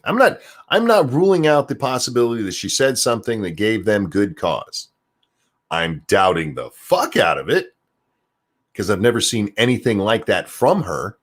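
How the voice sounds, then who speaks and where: With a fairly low-pitched voice, a man rants sarcastically as host of his own commentary stream show. He swears freely in a casual way and keeps repeating words as he gets worked up.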